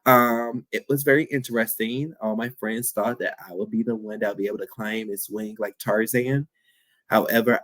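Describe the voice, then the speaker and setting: A man's voice: mid-range voice, no room sound. A young man hosting his own podcast, talking candidly and playfully in a reflective, affirming solo talk. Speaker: podcast host.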